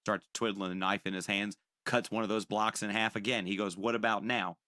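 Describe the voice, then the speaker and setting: Bright-voiced man telling a wild story. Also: lowish voice, fairly quick, dry recording, clean studio sound. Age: young adult. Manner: animated, profane, acts out quoted voices. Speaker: podcast co-host. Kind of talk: casual storytelling.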